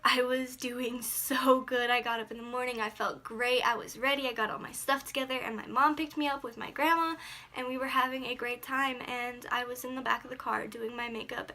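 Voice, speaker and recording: A woman's voice: a little high, sharp tone. A teenage girl telling a personal story on her vlog, earnest and emotional, with many fillers. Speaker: vlogger.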